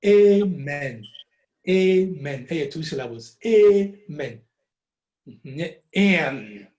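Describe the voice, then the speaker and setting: A man's voice: on the high side, expressive, slow pace, darkish tone. A man with a Ghanaian accent teaching a music lesson, patiently repeating words syllable by syllable. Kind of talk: classroom lesson mixing Twi and English. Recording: echoey room.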